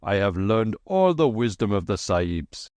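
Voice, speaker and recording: A man's voice: fairly low pitch, big pitch swings, normal speed, a little mellow, no room sound. A man voicing a boastful, long-winded middle-aged quack doctor with a thick, heavy voice in an audiobook. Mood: pompous. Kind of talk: audiobook character voice.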